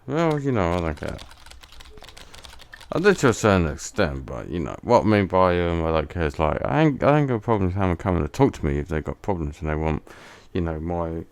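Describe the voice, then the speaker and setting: A man with a fairly low voice that swings widely in pitch gives casual let's play commentary at his computer. He rambles earnestly and bluntly, often stopping and restarting his sentences. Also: big pitch swings, a little fast, smooth, no echo. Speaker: gaming channel host.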